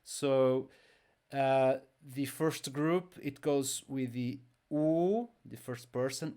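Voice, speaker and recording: A man's voice: mid-range voice, dark tone, smooth. A man teaching an online language lesson, patient and repetitive, drilling each word aloud. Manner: slow, patient, repeats words for drill.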